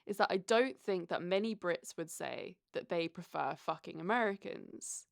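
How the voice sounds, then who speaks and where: A woman's voice: lowish voice, lively intonation, normal speed, creaky, dry recording, clean studio sound. A British woman co-hosting a podcast, chatting candidly and swearing freely. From England. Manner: candid and profane. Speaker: podcast co-host. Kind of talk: casual chat. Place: recorded apart from co-host, living in Los Angeles.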